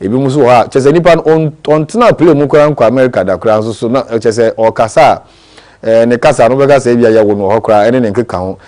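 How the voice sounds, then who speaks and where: A man's voice: mid-range voice, fast talker, dark tone. A man hosting a TV morning show, talking conversationally.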